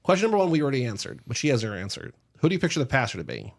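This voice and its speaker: A man's voice: medium pitch, very animated, gravelly. A man co-hosting a book podcast, chatting casually and reading out listener questions. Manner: fast, chatty, reads listener questions aloud. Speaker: podcast co-host.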